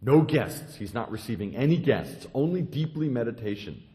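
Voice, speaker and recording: A man's voice: medium pitch, very animated, normal speed, close to an everyday voice. A man voicing a protective young male temple attendant who turns away a visitor insistently. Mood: firm. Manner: insistent, rising to angry shouting. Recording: echoey hall.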